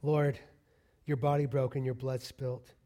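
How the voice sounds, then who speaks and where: A male pastor preaching a sermon with passion, rising to loud peaks and dropping to hushed whispers. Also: mid-range voice, flat delivery, measured pace.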